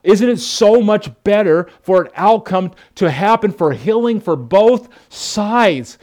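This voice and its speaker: A man's voice: high-pitched, lively intonation, slow, darkish tone. A male pastor preaching a sermon in an earnest, emphatic manner, often calling his listeners "folks".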